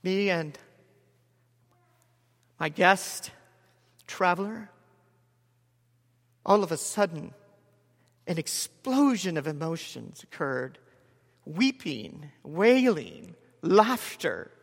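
A man in his forties preaching a sermon as a story, measured with dramatic pauses and soft drops. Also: fairly high pitch, very animated, gravelly. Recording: long hall reverb.

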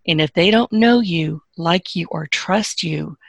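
Husky woman giving frank advice. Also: lowish voice, a little slow, dry recording. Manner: emphatic, joking, frank. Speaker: podcast guest, business owner. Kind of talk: casual interview advice.

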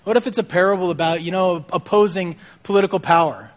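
A male pastor with a high-pitched voice gives an Easter sermon. He sounds like he is talking with his congregation rather than lecturing, telling the story casually and with light humor. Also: steady tone, quick pace.

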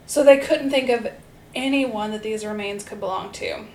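A woman tells a case on a casual true-crime podcast she co-hosts, upbeat and chatty with frequent fillers. Her voice is a little high and a little mellow at a normal speed, and the audio has a roomy echo with faint hiss.

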